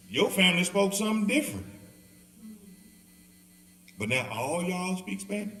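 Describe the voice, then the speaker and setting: In an echoey church hall, a man with a high, Southern-accented voice teaches a Bible study, heard from far off. He speaks unhurriedly and pauses often, joking, laughing and acting out the people in his stories with animation.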